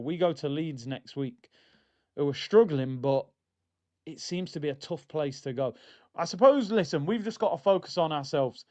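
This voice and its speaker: Chatty opinionated football fan streamer. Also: male voice, a little high, darkish tone, dull audio. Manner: chatty, opinionated, slangy, calls the audience "people". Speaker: host of a football watchalong stream. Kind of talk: casual fan chat.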